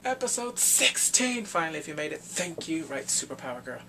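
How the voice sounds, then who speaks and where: A man casually recapping a TV drama, animated and laughing often as he acts out lines. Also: on the high side, unhurried, slight background noise. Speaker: drama review vlogger.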